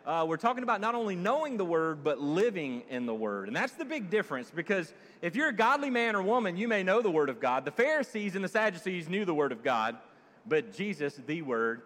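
A pastor preaches in a church sanctuary, his fairly high voice jumping up and down with animated swings of pitch. He keeps it jokey and conversational, peppering the congregation with questions, while a long reverb tail hangs behind every phrase. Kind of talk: sermon.

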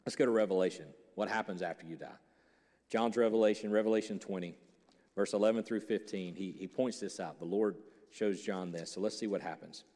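A male pastor preaching in a big hall with a long, ringing reverb. His voice sits fairly low, and he jokes loudly, then slows to a soft hush. The sermon is lively and conversational. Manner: animated and joking, swings from loud punchlines to hushed, slow reflection.

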